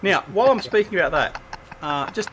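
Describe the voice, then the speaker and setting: A man hosts a gaming livestream in a loose, chatty way. He talks to himself as he plays and teases his friends. His voice sits on the higher side, over a faint background noise. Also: lively intonation, fairly quick, a bit bright. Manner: chatty, teasing, thinking aloud while playing. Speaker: livestream host. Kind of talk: casual gaming livestream chat.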